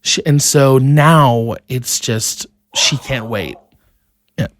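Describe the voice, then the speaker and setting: A man's voice: medium pitch, slow, fairly bright tone. A young man in a casual podcast conversation, telling a personal story earnestly with many restarts. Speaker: podcast guest.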